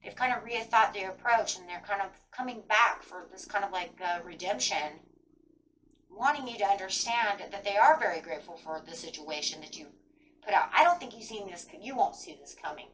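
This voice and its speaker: A woman's voice: mid-range voice, fairly quick, a bit bright, recorded from a distance, slight background noise, rough recording. A woman giving a casual tarot reading, rambling and full of fillers like "kind of" and "like". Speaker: tarot reader.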